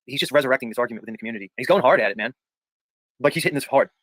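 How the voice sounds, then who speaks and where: Rapid-fire, emphatic livestream host man. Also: mid-range voice, a bit bright, no echo, low-quality recording. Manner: emphatic, peppers talk with "dude" and "bro"; argumentative, repeats points for emphasis. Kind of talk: casual livestream chat, reading viewer comments aloud.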